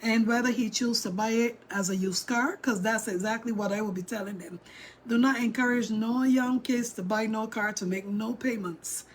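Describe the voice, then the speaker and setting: A middle-aged woman tells a story to her viewers in a lively, emphatic way, speaking straight to them. Her voice sits a little high for a woman. She leans hard on her points as she goes. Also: normal speed, a little hiss or hum. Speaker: vlogger.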